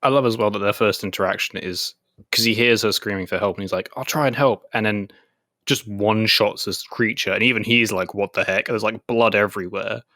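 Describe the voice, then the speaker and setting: A man co-hosting an anime podcast, chatting casually and loosely with plenty of fillers. His voice sits a little low but sounds bright and forward. The recording is dry and close. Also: fairly even intonation, fairly quick, dry recording. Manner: chatty, many "like" fillers, retells scenes in quoted voices. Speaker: podcast co-host. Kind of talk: casual chat.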